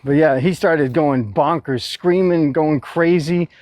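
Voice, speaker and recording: A man with a fairly high voice telling a story in a relaxed group call. He acts out everyone's lines with lively energy and laughs often. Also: unhurried. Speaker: guest sharing a court story. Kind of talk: casual group chat.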